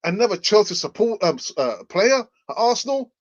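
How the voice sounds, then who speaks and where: A man's voice: high-pitched, sing-song, brisk, few pauses. A man hosting a casual football news show, who laughs often and repeats himself, heard through muffled lo-fi audio. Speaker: fan channel host.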